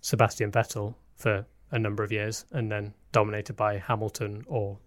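A man's voice: lowish voice, level tone, moderate pace, no room sound, studio quality. A man co-hosting a casual podcast chat, explaining details at length with a self-mocking streak. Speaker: podcast co-host.

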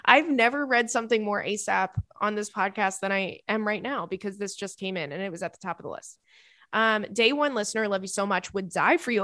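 A woman's voice: mid-range voice, normal speed, a bit bright, no echo, clean studio sound. A young woman hosting a podcast, chatty and giggly, reading sponsor ads and listener messages. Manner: chatty, giggly, lots of "like" fillers. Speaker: podcast host. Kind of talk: casual chat and ad read.

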